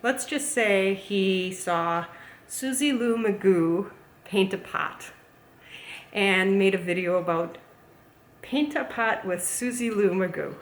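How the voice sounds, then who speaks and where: A woman's voice: mid-range voice, slow pace. A woman chatting casually as a plant YouTuber, gushing and playful. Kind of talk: casual vlog chat. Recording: echoey room, faint ambience.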